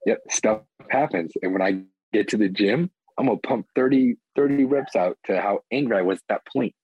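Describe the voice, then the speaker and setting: A man's voice: lowish voice, moderate pace, breathy edge, no echo. A man speaking as a guest in a casual interview, rambling with lots of filler words and blunt swearing. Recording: dull lo-fi audio.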